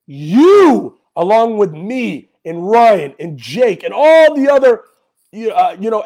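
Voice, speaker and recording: A man rants as a sports podcast host, angry and often yelling. His voice sits high and swings widely in pitch. He drags out his words at a slow pace. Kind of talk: heated fan rant.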